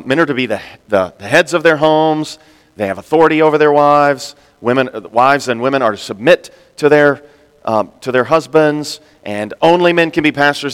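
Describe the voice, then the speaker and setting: Animated male preacher in a reverberant hall. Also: clean tone. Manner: animated, acts out quoted speakers with big pitch jumps. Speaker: pastor. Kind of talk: sermon. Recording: long reverb in a large hall.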